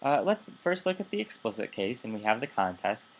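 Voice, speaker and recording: Speaking fairly quickly in a lowish, sing-song voice, a man lectures on linguistics in a recording. He explains things with care, often breaking off mid-sentence to restart or correct himself.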